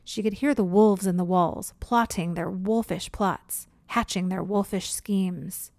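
Expressive woman reading a storybook. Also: mid-range voice, unhurried, gravelly, no echo, clean studio sound. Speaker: read-aloud narrator.

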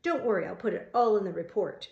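A woman reading the part of an eager young male police officer in an audiobook, speaking in a mild, deliberate way. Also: medium pitch, creaky, roomy sound, highs cut off, natural voice. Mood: calm.

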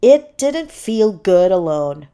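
Slow, expressive woman reading a storybook. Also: medium pitch, clear, resonant tone. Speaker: storybook reader. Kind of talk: children's read-aloud narration.

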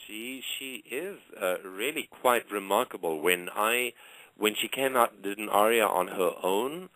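A man's voice: on the low side, lively intonation, a little slow, sharp tone, no room sound, rough recording. A man hosting a radio interview, effusive and full of gushing praise. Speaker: radio show host.

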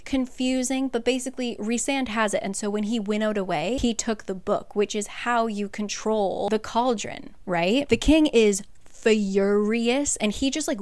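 A young woman casually recapping a novel's plot, chatty and sarcastic, slipping into hushed dramatic quotes. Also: medium pitch, dry recording. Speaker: book recap creator.

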